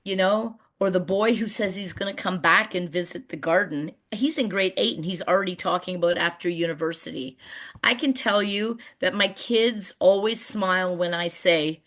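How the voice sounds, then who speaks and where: A middle-aged woman presenting on a video call webinar about community gardens, telling stories and lively when she quotes people. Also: on the low side, normal speed. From Canada. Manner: warm storyteller, animated when quoting people.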